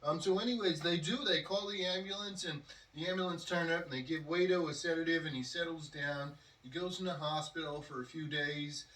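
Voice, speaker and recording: A man's voice: fairly high pitch, brisk, hardly any pauses, fairly bright tone. A man telling a story on a podcast, rambling with lots of fillers. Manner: rambling, with many fillers and acted quotes. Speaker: podcast host. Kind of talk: casual storytelling. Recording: roomy, distant from the mic.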